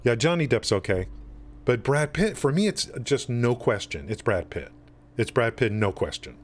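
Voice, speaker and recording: A livestream host chats loosely with his stream's viewers during a game, rambling with plenty of fillers and restarts. His voice sits at a medium pitch with a sing-song lilt, and he talks at a normal speed.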